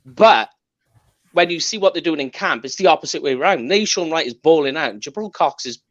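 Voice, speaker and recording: A man's voice: fairly high pitch, expressive, fairly quick, fairly bright tone, no room sound. A British man co-hosting a podcast, chatting enthusiastically over slightly dull call audio. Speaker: co-host. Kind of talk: casual podcast chat.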